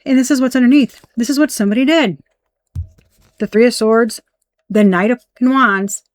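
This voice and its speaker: A woman's voice: on the high side, moderate pace, no echo. A woman giving a casual tarot reading, blunt and emphatic, swearing freely as she points out the cards. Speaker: tarot reader.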